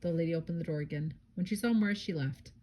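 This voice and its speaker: A mother reads a children's picture book aloud at home, expressive and lively, with chatty asides in between. Her voice is warm and mellow, with faint noise in the background. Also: low-pitched, fast.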